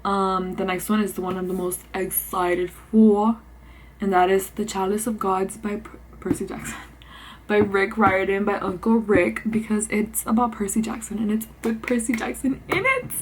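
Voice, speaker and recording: A young woman talks books in a bubbly, chatty way, a bit out of breath and full of fillers. Her voice sits at a middle pitch. Faint ambient noise hums behind her. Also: steady tone, normal speed, poor audio. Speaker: book vlogger. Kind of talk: casual chat. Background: faint ambient noise, passing car.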